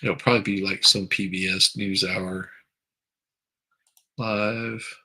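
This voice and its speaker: A man's voice: low-pitched, level tone, slow pace, bright, forceful tone, husky, poor audio. A man hosting a live stream, chatting casually and crudely, rambling while he reads viewer comments aloud. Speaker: livestream host.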